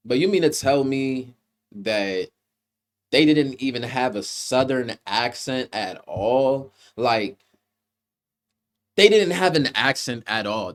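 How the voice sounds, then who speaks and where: A man's voice: medium pitch, fairly bright tone. A man giving a rambling, profane, casual movie review, often restarting his sentences.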